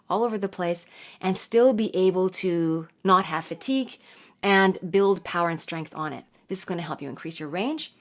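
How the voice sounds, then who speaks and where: A woman vocal coach giving a singing lesson, with encouraging, instructive cues. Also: fairly low pitch. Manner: encouraging, instructive, brisk cues between sung examples. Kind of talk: vocal lesson with sung demonstrations. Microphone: studio mic, audio only. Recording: over loud piano accompaniment.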